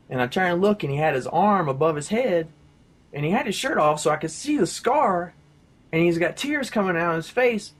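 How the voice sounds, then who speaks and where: A man sharing a faith testimony in casual talk, rambling with lots of fillers and his voice jumping high and loud at the exciting parts. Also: a little fast. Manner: rambling storyteller, many fillers like "you know" and "like".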